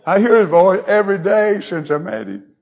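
Male preacher, high-pitched, folksy down-home sermon style, muffled lo-fi church recording. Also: very animated, a little fast, gravelly, darkish tone. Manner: folksy preaching with scripture read in old English. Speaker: pastor.

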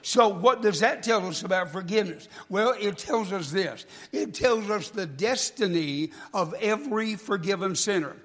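A man's voice: high voice, lively intonation, normal speed, hardly any pauses, a bit bright. A man preaching a sermon in a church, folksy, stumbling and restarting, congested from a cold. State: congested, coughing. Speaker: guest preacher. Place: church sanctuary. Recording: long church reverb.

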